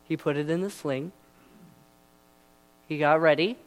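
A young man preaches in a loose, conversational way, peppering his story with fillers and asides. His voice sits a little above the usual male range. He keeps the retelling relaxed and chatty. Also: on the high side, unhurried. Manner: casual and chatty, many fillers. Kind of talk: sermon.

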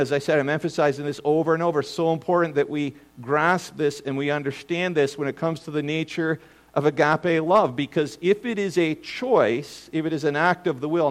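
A middle-aged pastor delivers a sermon in an earnest way, tripping over the first words of his phrases and slowing down to lean on key lines. His voice sits a little high for a man. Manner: earnest, repeats words when starting phrases, slows for emphasis.

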